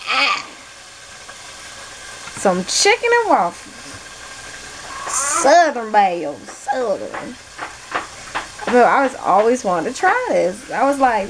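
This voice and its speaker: Slow-talking woman vlogging over sizzling food. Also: fairly high pitch, very animated, background noise. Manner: chatty, playful, slangy asides to viewers. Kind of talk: casual cooking vlog chat. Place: home kitchen while frying food. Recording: loud frying sizzle in the background.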